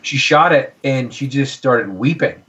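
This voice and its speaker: A man's voice: medium pitch, animated, measured pace, a bit bright. A man in his thirties, a podcast guest, telling hunting stories in an eager, rambling way, often repeating words as he thinks. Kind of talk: casual storytelling. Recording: slightly dull lo-fi audio.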